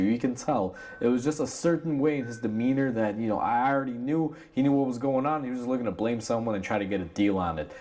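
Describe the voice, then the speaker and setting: A man's voice: medium pitch, darkish tone. A man in an ordinary middle register tells a story from his auto shop to camera in a loose, conversational way. He fills his sentences with "you know" and "like". He keeps the tone candid and plainspoken, and when he quotes the customer and himself he stays in his own natural voice. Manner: candid, conversational, acts out both sides of a dialogue; many fillers like "you know" and "like". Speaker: auto mechanic, shop owner.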